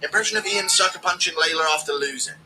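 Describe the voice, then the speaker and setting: A man's voice: high voice, fast, bright, forceful tone, a little hiss or hum, rough recording. A man streaming a casual watch-along, joking crudely and reading out donations.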